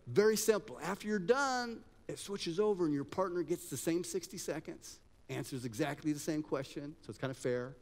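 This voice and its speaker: A man's voice: fairly high pitch, normal speed, hardly any pauses. A man running a live audience exercise at a talk, joking and directing people as he goes. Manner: energetic, joking, directs the crowd. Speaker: workshop speaker. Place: event hall with live audience. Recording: long hall reverb.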